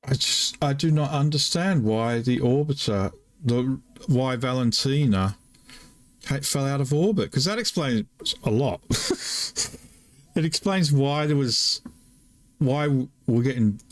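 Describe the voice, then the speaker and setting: A man's voice: medium pitch, animated, a little slow. An older man from the UK commentating on his live game stream, puzzled, talking to himself in broken half-sentences. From United Kingdom. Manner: baffled, muttering to himself with trailing half-sentences. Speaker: gaming streamer.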